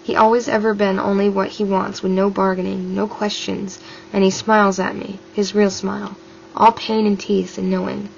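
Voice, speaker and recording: A woman reading a novel aloud in a steady, subdued way as an amateur audiobook reader. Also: medium pitch, normal speed, creaky, a little hiss or hum. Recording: dull lo-fi with faint music.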